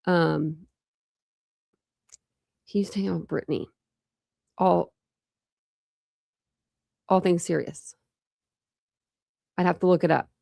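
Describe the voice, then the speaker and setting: A woman's voice: on the low side, steady tone, slow, creaky, long pauses, darkish tone, no echo, studio quality. A woman hosting a true crime livestream, chatting casually with viewers and thinking aloud with many restarts. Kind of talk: casual chat with live viewers.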